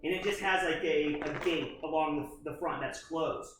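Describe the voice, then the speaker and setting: Halting game master in an echoey room. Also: male voice, a little high, recorded from a distance, noisy background. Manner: halting, full of fillers and restarts. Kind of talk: narrating a tabletop horror game.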